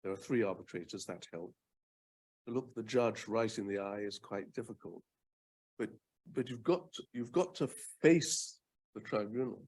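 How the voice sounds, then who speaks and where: An older man from the United Kingdom, a former advocate, speaking in a fireside chat. He talks in a measured way, repeats words for emphasis and pauses often with ums. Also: lowish voice, a little mellow, husky.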